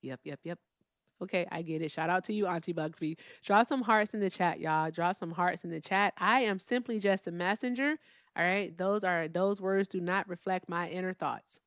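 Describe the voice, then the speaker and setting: A woman's voice: fairly low pitch, moderate pace, no room sound, clean studio sound. Chatty woman hosting a live call-in stream. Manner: chatty, swings between loud and hushed asides. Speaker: livestream host. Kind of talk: casual call-in chat.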